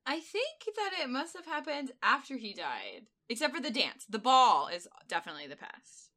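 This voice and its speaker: Bright, chatty young-sounding woman. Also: on the high side, sing-song. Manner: chatty, lots of "like", quick laughs. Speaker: podcast co-host. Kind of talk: casual chat.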